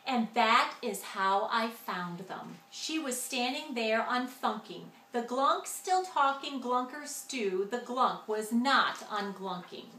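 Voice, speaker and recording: A woman's voice: on the high side, animated, takes it slowly, hardly any pauses, bright, forceful tone, slight background noise. A woman reading a rhyming picture book aloud in a sing-song delivery. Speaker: storyteller. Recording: echoey room with faint ambience.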